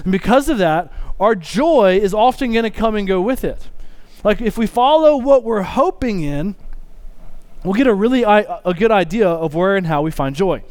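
Male pastor, conversational sermon delivery, light high voice, crisp and clear. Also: lively intonation, moderate pace. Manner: conversational, restarts sentences, reads scripture more quietly.

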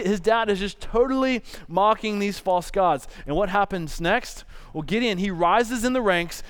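A man with a high, smooth voice delivers a sermon. He retells the story in a relaxed, joking manner, tossing in quick asides as he goes. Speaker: preacher.

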